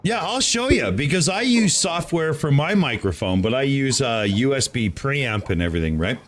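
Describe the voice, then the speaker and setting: A man's voice: medium pitch, big pitch swings, normal speed. A man hosting a podcast in casual chat, talking animatedly and filling his talk with "right?" and "you know". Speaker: podcast host.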